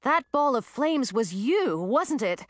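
A woman voicing an eager young boy who talks in an excited rush. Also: high voice, slow, no echo, clean studio sound, voice pushed up, exaggerated voice.

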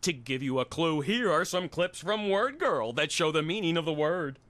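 A smarmy game show host. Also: male voice, on the high side, lively intonation, moderate pace, fairly bright tone. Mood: showy. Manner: showy announcer delivery.

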